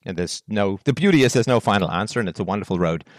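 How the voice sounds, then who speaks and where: A man delivers a solo philosophy monologue, firing off one rhetorical question after another. His voice rises and falls across a wide, lively range. The sound is close and dry, with no room around it. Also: fairly low pitch, fast talker, no echo. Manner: rhetorical questions, emphatic and animated. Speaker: philosophy talk host.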